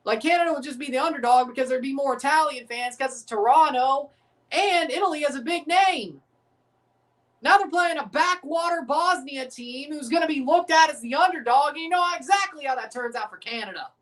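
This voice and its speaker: A man's voice: very high-pitched, a little fast, a bit bright, recorded from a distance. A man hosting a live sports watchalong, ranting profanely and repeating himself. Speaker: livestream watchalong host. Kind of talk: live sports reaction rant. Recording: voice a bit off the mic.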